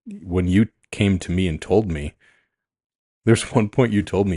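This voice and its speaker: A man co-hosting a podcast as a coach, talking calmly and frankly and thinking aloud with frequent restarts. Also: low-pitched, moderate pace, no room sound, clean studio sound. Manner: calm, frank and reflective, restarts often. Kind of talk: casual chat.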